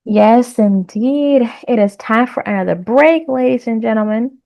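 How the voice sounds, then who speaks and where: A woman's voice: a little high, measured pace, creaky, few pauses, warm tone. A woman hosting a casual reaction vlog, chatty, laughing often and repeating herself. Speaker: host.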